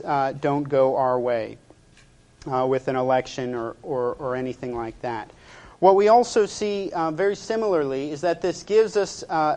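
A male pastor preaching a sermon in a measured, hesitant way, with frequent pauses and fillers. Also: fairly high pitch, a little mellow.

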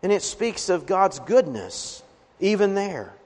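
A pastor delivers a sermon, earnest and pressing hard on key words. His voice sits on the high side for a man. The sound carries a long reverberant tail, as in a church sanctuary. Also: very animated, slow, a little mellow. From Appalachian region of the US. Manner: earnest preaching, emphatic swells on key words. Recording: reverberant hall.

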